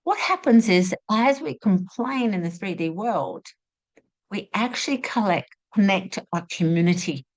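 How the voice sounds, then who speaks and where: A woman giving a spiritual teaching talk, asking rhetorical questions and acting out inner voices in an expressive way. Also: mid-range voice, unhurried. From Australia.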